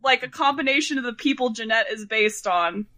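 High, bright-voiced woman player. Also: brisk. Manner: laughing, self-conscious, swears freely. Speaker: tabletop game player. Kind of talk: casual podcast banter.

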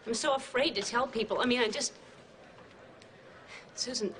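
A woman's voice: fairly high pitch, normal speed, fairly bright tone, slight background noise, natural voice. An actress in her thirties playing a nervous woman coming out in a 1990s sitcom, stammering and searching for words. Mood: anxious. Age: 30s. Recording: sitcom clip with studio audience. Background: studio audience laughter.

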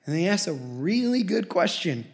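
A man preaching a sermon as pastor, emphatic and repetitive, swinging from loud lines to hushed ones. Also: high-pitched, big pitch swings, normal speed, creaky.

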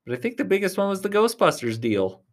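A man chatting alone on his podcast in a rambling, friendly way, speaking straight to his listeners. His voice sits a little high for a man. He often sinks to a soft near-whisper before coming back up. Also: very animated, fast talker. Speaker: podcast host. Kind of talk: casual solo podcast chat.

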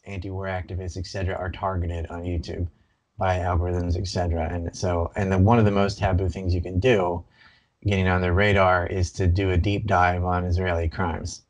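Rambling low-voiced man telling a story. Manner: animated, rambling, restarts sentences. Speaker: guest; banned video creator. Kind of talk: casual storytelling interview.

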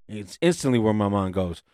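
A man telling a profane, animated story in casual chat on a podcast. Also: lowish voice, creaky, dry recording, clean studio sound.

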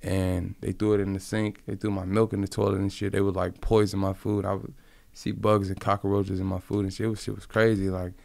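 A man from Compton tells his story casually, his speech rambling and thick with slang and profanity. His voice sits fairly low and has a gravelly, creaky texture. He is the interviewee, talking loosely and unscripted. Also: little pitch movement, a little fast, a little mellow, no room sound. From Compton, California.

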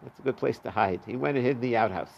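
A man's voice: mid-range voice, fast, creaky, lo-fi sound. A man teaching a Talmud class, reading the Aramaic and translating it in a casual, chatty way. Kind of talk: daf yomi Talmud class.

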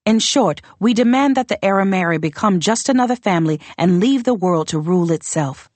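A woman voicing a proud northern warrior queen who speaks in a measured, formal and quietly contemptuous way. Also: medium pitch, expressive, dry recording, pitched above the performer's own voice, natural voice. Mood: cold, demanding. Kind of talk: audiobook character reading.

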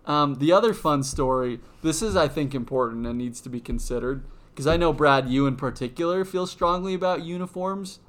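A man's voice: a little high, fairly quick. A man co-hosting a casual sports podcast, joking and bantering with friends. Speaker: podcast co-host. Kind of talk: casual chat.

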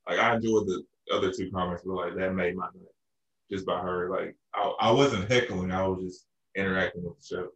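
A man from Arkansas with a very low voice tells a long, rambling story in a relaxed chat. He restarts his sentences often and leans on fillers. He sounds roomy and a little far from the mic. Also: fairly quick, dull audio. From Arkansas, USA. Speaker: podcast co-host. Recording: roomy echo, a bit off-mic.

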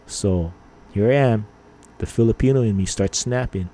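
A middle-aged man from Hawaii tells stories in a loose monologue. He rambles with fillers and punches out angry quoted lines. His voice sits low and sounds soft and dark. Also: normal speed. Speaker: podcast host. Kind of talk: casual storytelling monologue.

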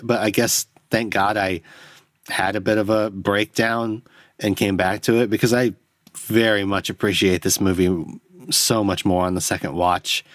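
A man's voice: fairly low pitch, no room sound. A tipsy man hosting a solo film-review podcast, rambling and self-deprecating, alone at home at night into a close microphone. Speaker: podcast host. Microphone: studio mic close up.

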